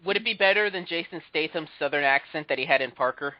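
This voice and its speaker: Young male co-host, somewhat high voice, chatty and opinionated; dry, muffled recording. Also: fast, no room sound. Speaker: podcast co-host. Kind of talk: casual chat.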